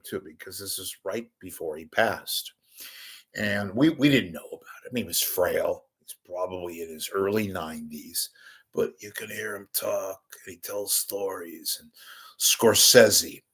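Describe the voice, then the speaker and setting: Man, gravelly, middle-aged host, casual storytelling, animated and self-deprecating. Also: fairly low pitch. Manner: animated, self-deprecating storyteller who acts out his own yelling. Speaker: podcast host.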